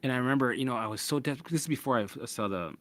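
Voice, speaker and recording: A man's voice: mid-range voice, very fast, a bit bright. A man hosting a podcast, telling his own story frankly, swearing often, acting out his past thoughts and tossing in "right?" asides. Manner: restless, with frequent restarts and "right?" asides. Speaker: podcast host. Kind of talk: candid personal storytelling.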